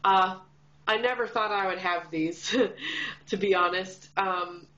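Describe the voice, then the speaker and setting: A woman's voice: medium pitch, slow, sharp tone, highs cut off. A young woman from Kansas with a Midwestern accent and a slight Southern twang, chatting casually to camera in a vlog, bubbly and full of fillers. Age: young adult. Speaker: vlogger. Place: room lit by a window.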